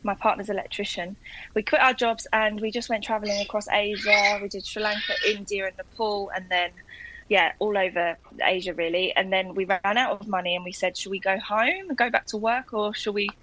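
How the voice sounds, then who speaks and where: A woman's voice: medium pitch, steady tone, fairly quick, bright, forceful tone, rough recording. A woman in her thirties with a South London accent, chatting enthusiastically as a podcast guest. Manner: chatty, enthusiastic, laughs easily. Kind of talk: casual video-call chat.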